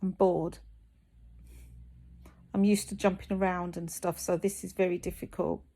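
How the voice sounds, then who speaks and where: Woman, tired, vlog to camera, gravelly fry, hesitant with fillers and restarts. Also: fairly low pitch, little pitch movement, unhurried, warm tone. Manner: hesitant, many ums and restarts. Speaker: fitness vlogger recovering from surgery. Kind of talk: candid talking-to-camera vlog.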